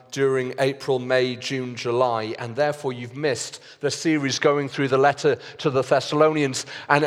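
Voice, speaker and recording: Slow, earnest preacher in a church hall. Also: male voice, fairly high pitch. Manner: slow, earnest preaching with many pauses and fillers. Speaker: pastor. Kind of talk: sermon. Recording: long reverb of a church hall.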